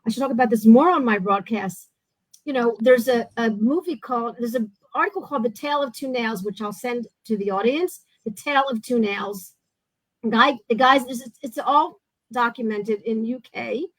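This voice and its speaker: A woman hosting an interview, telling stories in an animated way with many restarts. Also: fairly high pitch, moderate pace, no echo, low-quality recording. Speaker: host. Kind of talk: casual interview chat.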